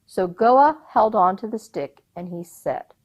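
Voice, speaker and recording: Brief: expressive woman folk-tale teller, slow and deliberate. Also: medium pitch, dull audio. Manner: expressive, unhurried, asks listeners questions. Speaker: storyteller. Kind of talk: telling a folk tale to an audience.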